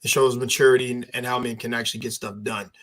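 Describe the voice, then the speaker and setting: A man's voice: mid-range voice, little pitch movement, fast talker, a bit bright. A man on a podcast panel speaking bluntly and profanely, rambling through his points. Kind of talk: casual panel chat.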